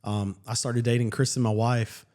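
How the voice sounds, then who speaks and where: A man, a pastor, telling his personal story in casual conversation, earnest and halting with many restarts. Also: mid-range voice, level tone, darkish tone. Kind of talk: personal testimony in casual chat.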